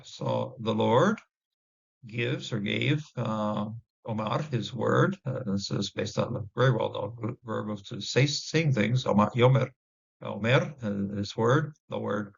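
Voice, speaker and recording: Man, gravelly, halting lesson delivery with fillers; muffled low-fi recording. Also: lively intonation. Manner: halting, many fillers, sounds out Hebrew words. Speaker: Hebrew teacher. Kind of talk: casual word-study lesson. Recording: dull lo-fi audio.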